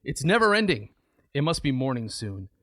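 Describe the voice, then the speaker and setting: Man reading out a crotchety old man, grumbling, dry close sound, medium pitch. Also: very animated, moderate pace, pushed and bright, dry recording. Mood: exasperated. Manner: read aloud as a translation.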